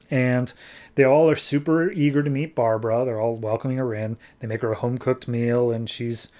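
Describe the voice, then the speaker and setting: A man's voice: medium pitch, mellow. A man hosting a podcast, chattily recapping a comic book story with lots of filler words. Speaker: podcast host.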